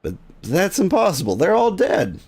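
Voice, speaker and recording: A man voicing a formal, easily alarmed gentleman whose voice jumps high when startled. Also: wildly swooping pitch, normal speed, husky, full character voice. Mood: flustered.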